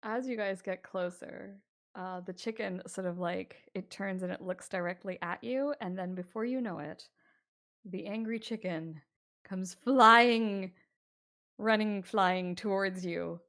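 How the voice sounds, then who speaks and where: A woman's voice: on the low side, a little slow. A woman narrating as game master in a tabletop game over voice chat, laughing often.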